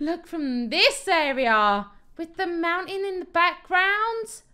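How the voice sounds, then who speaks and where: A woman's voice: extremely high pitch, takes it slowly, hardly any pauses, pushed and bright. A young woman chatting through her gameplay in a bubbly, gushing way, often giggling as she talks. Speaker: Minecraft let's player. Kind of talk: casual gameplay commentary.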